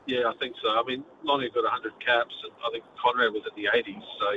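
A man's voice: medium pitch, fairly even intonation, fast talker. A man with a New Zealand accent, calling a sports radio show and chatting with easy laughs. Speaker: caller. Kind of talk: talkback call. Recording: dull phone audio with faint noise.

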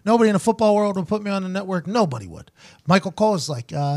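A man hosting a podcast, telling a story in casual chat, quoting others in quick asides. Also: high voice. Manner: animated, quotes people in quick asides. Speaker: podcast host.

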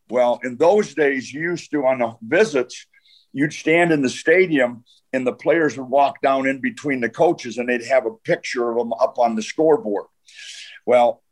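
A man's voice: mid-range voice, breathy edge. A man, a football coach, telling long anecdotes as an interview guest, with many fillers and repeated words. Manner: rambling, filler-heavy anecdotes.

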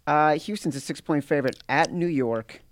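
A man's voice: a little high, moderate pace. A middle-aged man co-hosting a podcast, chatting casually about sports betting, tired and yawning, cracking jokes. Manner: joking, sings improvised ditties. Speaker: podcast co-host.

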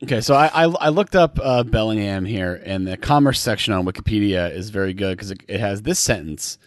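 A man co-hosting a comedy podcast, trading dry deadpan jokes and reading passages aloud. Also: lowish voice, a little fast, no room sound. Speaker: podcast co-host. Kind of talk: casual comedic chat.

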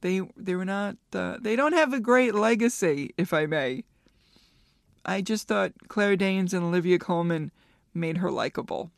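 A woman's voice: fairly low pitch, expressive, unhurried, vocal fry, no room sound, clean studio sound. A woman in her fifties hosting a solo podcast, rambling candidly and swearing freely as she thinks aloud. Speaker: podcast host. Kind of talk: casual solo podcast chat.

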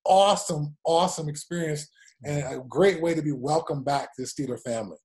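In this storytelling interview, a man in his forties who once played football recounts animated anecdotes and performs the quotes himself. His voice runs a little high and a little fast.

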